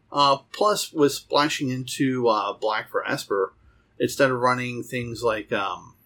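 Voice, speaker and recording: A man with a husky, slightly breathy voice and a middle pitch, chatting on a podcast. He rambles along casually, stopping for fillers and restarting his sentences. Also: fairly bright tone. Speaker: podcast co-host. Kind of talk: casual chat about card games.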